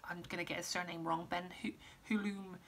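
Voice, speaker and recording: A woman, a musician giving a casual vlog update, rambling with many pauses and restarts, her voice going hoarse. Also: lowish voice, monotone, a bit bright. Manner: rambling, lots of ums and restarts. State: losing her voice, clearing throat.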